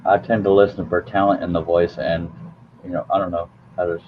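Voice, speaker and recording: A man's voice: low voice, level tone, a little fast. A man hosting a late-night live stream in a casual, rambling way, teasing his guest with jokes. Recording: tinny phone-like line with faint hiss.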